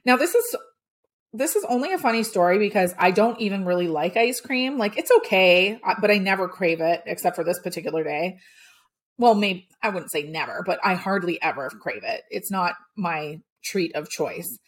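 A woman hosting a podcast, telling a personal story in a lively, animated way. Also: normal speed. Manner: animated storytelling, acts out quotes with big pitch jumps. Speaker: podcast host.

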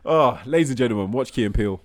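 A man co-hosting a podcast in casual, swearing chat, often laughing. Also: racing. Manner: laughing, swearing, animated retelling with squealing high put-on voices. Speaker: podcast co-host.

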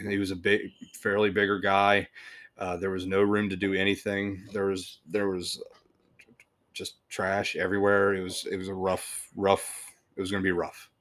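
Low-voiced man rambling through a story. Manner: rambling, swears, frequent restarts and chuckles. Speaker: podcast host telling work stories. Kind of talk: casual storytelling.

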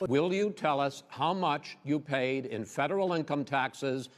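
A man moderating a televised debate, measured and trying to keep order. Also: on the high side. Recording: long hall reverb, debate stage.

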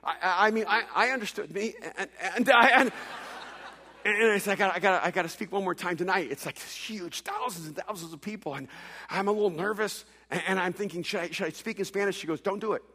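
A man preaching a sermon, telling a story with playful humor and quick stammered restarts. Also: high-pitched, pushed and bright. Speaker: pastor. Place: large hall with long reverb. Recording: echoey hall reverb.

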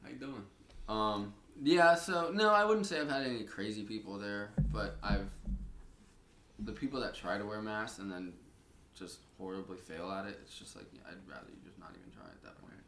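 A low-pitched man co-hosting a casual podcast, retelling stories in an animated way with frequent laughter. The room around him is echoey, and a faint noise sits underneath his voice. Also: moderate pace. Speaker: podcast co-host. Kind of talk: casual storytelling chat.

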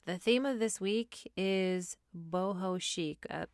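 A woman with a fairly low voice hosts her own podcast, ranting with sassy exasperation and the odd curse word. The recording is dry and close, with no room sound around her. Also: slow, clean tone, no room sound. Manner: animated, sassy, exasperated ranting with frequent swearing. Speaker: podcast host. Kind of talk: solo opinion podcast, ranting and reality TV recap.

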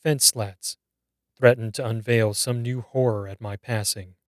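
A man narrating a scripted horror story in a measured, grave reading. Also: medium pitch, steady tone, no room sound, clean studio sound.

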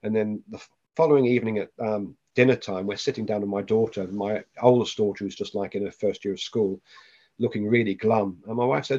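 A man's voice: lowish voice, fairly even intonation, a little fast, a little mellow, dull audio. A man, a podcast guest, tells a personal story with animation and acts out the voices of the people in it.

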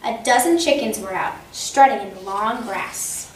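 Woman story time host, expressive read-aloud; higher voice, distant mic, faint background hiss. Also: measured pace. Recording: echoey room, distant mic, faint noise.

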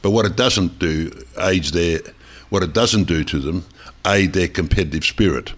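A man's voice: deep voice, normal speed, a bit bright. An older Australian man giving blunt, rambling opinions as a regular on a talk radio show.

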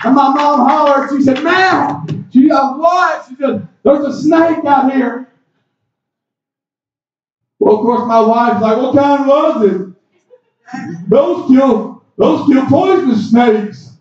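A man preaching a sermon in an impassioned, shouting style, often breaking in with "amen.". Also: extremely high pitch, slow. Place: church. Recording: echoey, distant, muffled hall mic.

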